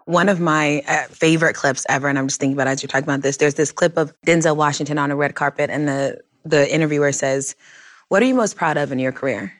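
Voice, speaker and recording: A woman's voice: low voice, fast, dry recording, studio quality. A woman interviewing a guest, asking attentive questions and often affirming what he says. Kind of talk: conversational interview.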